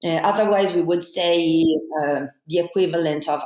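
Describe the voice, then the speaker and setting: A woman talks through academic ideas on a podcast, pausing on fillers as she builds each point. Her voice sits on the low side for a woman. The room around her adds a noticeable echo. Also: fairly even intonation, darkish tone. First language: Italian. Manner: thoughtful, explanatory, many fillers. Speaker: philosophy guest. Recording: echoey room.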